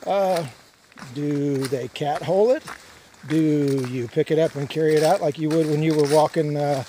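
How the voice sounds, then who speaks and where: A man's voice: on the high side, fairly even intonation, normal speed, dark tone. A man vlogging as he hikes a mountain trail, talking in a rambling, easygoing way with lots of "uh" fillers. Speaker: long-distance hiker vlogger. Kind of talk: casual vlog monologue. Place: outdoors on a mountain hiking trail. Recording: outdoor noise behind the voice.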